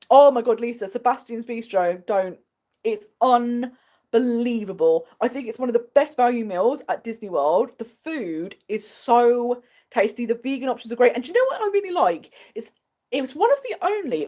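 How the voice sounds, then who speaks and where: Bubbly English woman, lively voice. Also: a little high. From England. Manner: bubbly and chatty, answers viewer comments with frequent laughs. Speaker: host. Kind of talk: casual livestream chat.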